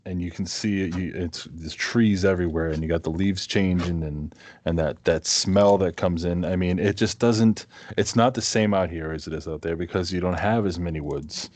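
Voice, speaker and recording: A man's voice: deep voice, normal speed, a little mellow. A man from New England co-hosting a podcast, talking casually and thinking aloud with plenty of fillers. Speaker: podcast co-host. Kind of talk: casual chat.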